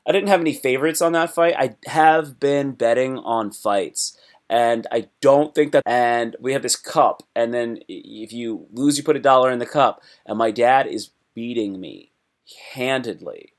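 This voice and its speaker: Excitable man hosting a fight-recap stream. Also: medium pitch, normal speed. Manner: excitable, jumps between topics, reads live chat aloud; animated with sudden loud yelps and imitations. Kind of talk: casual live stream chat.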